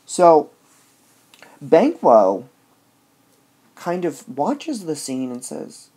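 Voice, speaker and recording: A man's voice: a little high, wildly swooping pitch, very slow, pauses often, warm tone, breathy edge. A man giving a casual lecture that reviews a play, explaining step by step and often saying "all right". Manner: explains step by step with filler words.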